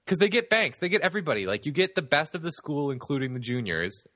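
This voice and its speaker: A man co-hosting a casual movie podcast, joking, with sarcastic asides and quick laughs. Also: a little high, very animated, a bit bright, dry recording, studio quality. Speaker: podcast co-host.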